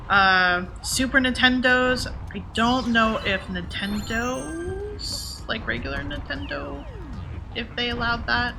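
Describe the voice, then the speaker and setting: A woman's voice: fairly high pitch, bright, forceful tone, slight background noise. A woman game streamer chatting casually and answering her viewers by name. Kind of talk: casual chat while streaming.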